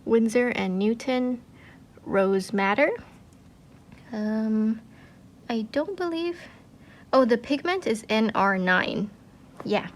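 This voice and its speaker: A woman's voice: a little high, takes it slowly, pauses often, a little hiss or hum. A woman hosting an art channel, gushing in casual chat, full of "like" and "um" fillers. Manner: chatty, gushing, many "like" and "um" fillers.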